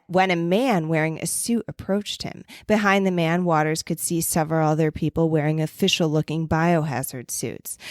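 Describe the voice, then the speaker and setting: A woman's voice: on the low side, no room sound, clean studio sound. A woman co-hosting a casual storytelling podcast, reading her notes aloud and breaking off into offhand, swearing asides. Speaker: podcast co-host.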